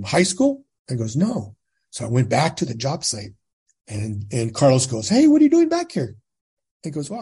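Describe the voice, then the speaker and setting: A husky-voiced man in his sixties from California, settling into a long casual story. His voice sits on the dark, mellow side. He talks plainly and jumps into other people's voices when he quotes them. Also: mid-range voice. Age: 60s. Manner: animated storyteller, acts out quoted dialogue. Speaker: guest.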